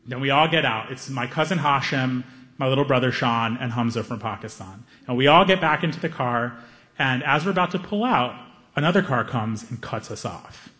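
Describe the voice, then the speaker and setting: A young man doing stand-up comedy, telling a story with animated delivery and acting out the people in it. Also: medium pitch, moderate pace, long reverb tail.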